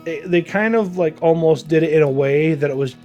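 Casting: chatty man, joking, slightly higher voice, guitar music faint behind. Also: a little fast, highs cut off. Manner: animated, joking, puts on mock voices. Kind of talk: casual chat.

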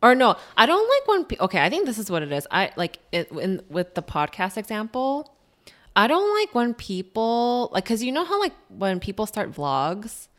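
A woman's voice: medium pitch, normal speed. A young adult woman co-hosting a podcast, ranting in casual chat and filling her talk with "like". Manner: ranting, animated, heavy use of "like". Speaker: podcast co-host.

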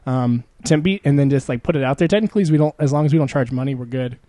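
A man's voice: mid-range voice, racing, dark tone, dry recording. A man co-hosting a podcast, chatting casually in a rambling, profane way and laughing often as he tells stories. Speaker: podcast co-host.

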